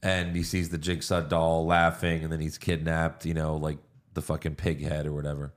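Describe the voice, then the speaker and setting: A man's voice: rumbling low, monotone, moderate pace. A man co-hosting a podcast, casually recapping a movie plot with fillers and swearing. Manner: recounts plot with fillers and acted quotes. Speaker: podcast co-host.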